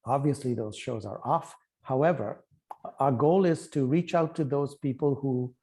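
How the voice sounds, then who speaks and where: A man giving a volunteer orientation, presenting slides and thinking aloud with fillers and pauses. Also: medium pitch, dark tone.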